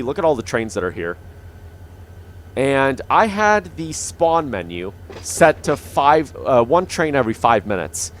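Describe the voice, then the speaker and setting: Into a dynamic studio mic with slight background noise, a young man with a mid-range voice talks over his own gameplay for his gaming channel. His commentary is casual and rambling, with many fillers and restarts.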